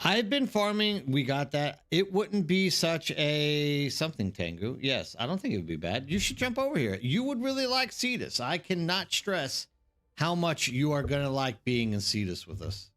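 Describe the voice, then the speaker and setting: Male streamer, rambling casual chat, fairly high pitch, bright forceful tone. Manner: chatty, rambling, talks to viewers by name. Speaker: game streamer.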